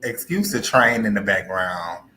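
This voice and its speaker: A man's voice: lowish voice, big pitch swings, unhurried, bright, forceful tone, reverberant, slight background noise. A man in a casual group chat who laughs easily and sings song lines.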